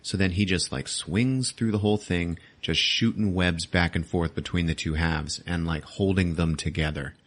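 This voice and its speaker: A man's voice: low-pitched, steady tone, moderate pace, hardly any pauses. A man hosting a podcast, recapping a movie in loose casual chat, swearing and laughing as he acts out the scenes. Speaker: podcast host.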